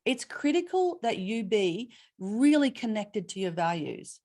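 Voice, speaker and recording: A middle-aged Australian woman giving a webinar keynote, telling stories with expressive emphasis and asking rhetorical questions. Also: mid-range voice, a little slow. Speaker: keynote speaker.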